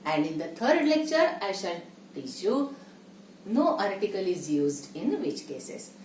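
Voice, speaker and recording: A woman teaching a grammar lesson, who explains slowly and checks in with her listeners. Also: mid-range voice, sing-song. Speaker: English teacher. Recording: echoey room, distant mic, faint noise.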